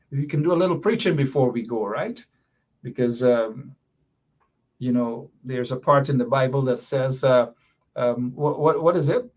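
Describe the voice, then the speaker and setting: A male talk show host speaking in a loose, conversational way. He rambles and makes emotional, half-joking pleas to his audience. His pitch is average for a man. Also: slightly rough. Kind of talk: casual live-stream talk.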